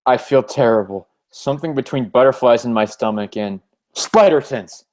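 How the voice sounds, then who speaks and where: A man's voice: mid-range voice, moderate pace, a little mellow, lightly acted. A man voicing a nervous young male superhero who doubts himself. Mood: flustered.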